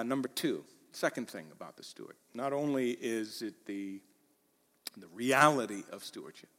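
A man preaching a sermon in a church, animated, acting out the quoted lines with rising intensity. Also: medium pitch, long reverb tail. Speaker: pastor.

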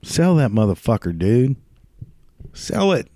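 A man's voice: medium pitch, big pitch swings, unhurried, dark tone, no echo. A man delivering a crude, profane comedic rant, swearing constantly and laughing at his own jokes. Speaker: ranting commentator.

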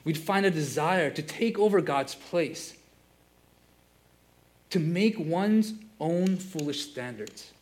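An earnest pastor preaches to his congregation in a voice a little high for a man. He drives home key phrases by repeating them.

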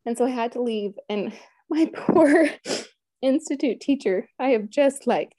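A woman in her thirties telling a deeply personal story, earnest and heartfelt, quoting her own prayers and thoughts. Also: lively intonation, unhurried, mellow. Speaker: guest sharing a personal story.

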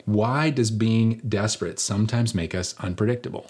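A middle-aged man preaching, telling a personal story in a conversational, animated way with rhetorical questions. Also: lowish voice, normal speed, husky. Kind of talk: sermon storytelling.

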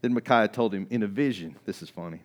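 A male pastor giving a sermon in a conversational way, often dropping his voice low for emphasis. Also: quick pace. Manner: conversational preaching with sudden drops in volume; acts out quoted voices in reading.

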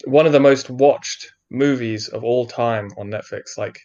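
A man's voice: medium pitch, measured pace, warm tone, muffled recording. A man casually chatting as a podcast co-host, loose and chatty with plenty of filler words. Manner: chatty, lots of likes and fillers. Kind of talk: casual chat.

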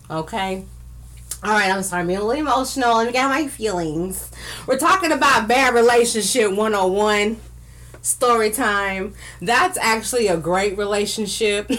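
A woman hosting a live podcast talk show, effusive and playful, greeting listeners by name and laughing often. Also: medium pitch. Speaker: podcast host.

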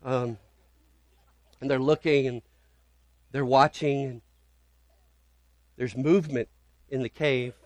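A man's voice: mid-range voice, dry recording. A man preaching a sermon as pastor, retelling scripture in an earnest storytelling way with dramatic emphasis.

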